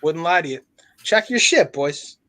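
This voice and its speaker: A man's voice: on the high side, animated, unhurried, bright, forceful tone. A young adult man co-hosting a podcast, telling crude, profane stories in casual banter and laughing often. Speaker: podcast co-host.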